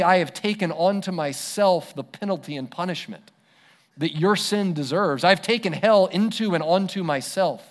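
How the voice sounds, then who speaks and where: A man voicing Jesus as a patient, gentle figure who speaks low and calm. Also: lightly acted.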